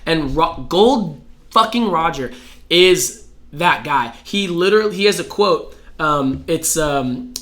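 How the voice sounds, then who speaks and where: A man chatting on a podcast, telling a story with excitement, filling his talk with "like" and swearing. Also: on the high side, takes it slowly. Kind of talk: casual podcast chat.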